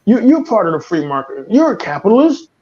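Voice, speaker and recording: A man's voice: sits high, very animated, fairly quick, a little mellow, muffled recording. A man from the United States hosting a casual podcast, talking in a profane, opinionated way with stammering restarts. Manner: profane, stammering restarts, laughs at his own jokes. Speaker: podcast host.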